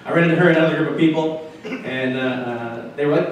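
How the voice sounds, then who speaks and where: Canadian man doing stand-up, echoey room. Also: on the high side. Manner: crude, self-mocking punchlines with frequent filler pauses. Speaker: stand-up comedian. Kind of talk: stand-up comedy set. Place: convention hotel function room with live audience. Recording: very echoey, distant camcorder sound with faint room noise.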